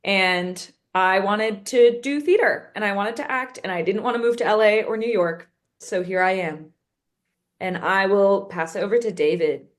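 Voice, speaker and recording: A woman's voice: mid-range voice, moderate pace. A young woman from Oregon with a mid-range voice, introducing herself in an easy, chatty way. She speaks as a playwright and actor joining a roundtable discussion. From Salem, Oregon, USA.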